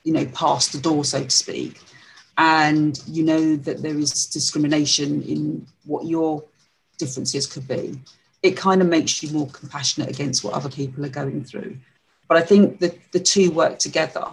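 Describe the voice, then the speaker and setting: A woman as a podcast guest, telling a story in a reflective way, with frequent pauses and fillers. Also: sits low, fairly even intonation, vocal fry, breathy edge, low-quality recording. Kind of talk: conversational interview storytelling.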